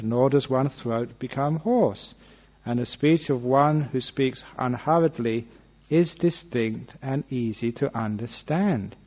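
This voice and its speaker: A man, a Buddhist monk, giving a dhamma talk, reading a sutta aloud and then explaining it unhurriedly with gentle humour. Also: mid-range voice. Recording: dull lo-fi talk recording.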